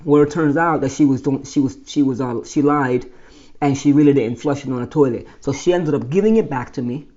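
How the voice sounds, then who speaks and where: A man's voice: mid-range voice, fairly quick, warm tone, highs cut off. A man telling his own life story in a rambling monologue, often restarting and correcting himself.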